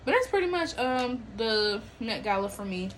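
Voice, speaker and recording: Woman podcast host, casual chat, animated, slangy, laughs a lot, faint background hiss. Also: a little high, moderate pace, low-quality recording. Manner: animated, slangy, laughs often, acts out quotes. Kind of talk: casual chat about celebrity and viral news.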